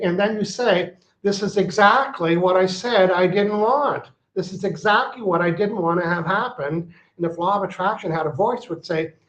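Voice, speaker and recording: A man speaking as an interview guest, teaching with emphasis and repeating his key phrases like a coach. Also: a little high. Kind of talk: interview conversation. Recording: roomy, dull lo-fi sound.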